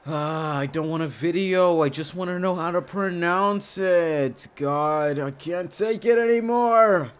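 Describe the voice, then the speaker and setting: A young man streaming a visual novel, chatting casually with excitable, shrieking reactions and frequent laughter. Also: fairly high pitch, a little slow, few pauses, smooth. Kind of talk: casual gaming stream commentary.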